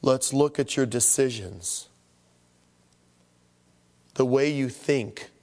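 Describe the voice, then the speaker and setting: A pastor takes his sermon slowly, his mid-range voice filling a large hall. He's animated, giving voice to complainers as they lament their troubles.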